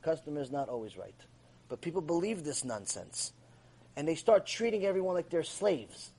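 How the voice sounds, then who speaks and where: A man giving an animated, emphatic ethics lecture as a Torah teacher. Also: a little high, normal speed, slightly rough.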